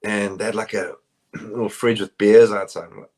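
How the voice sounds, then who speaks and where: A man with a South African accent talks through his answers casually, circling back with fillers and restarts. His voice sits fairly low. He is calling in to the interview by phone. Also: steady tone, normal speed, a little mellow, breathy edge. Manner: rambling, many fillers and restarts. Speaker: bassist, interview guest. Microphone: phone call.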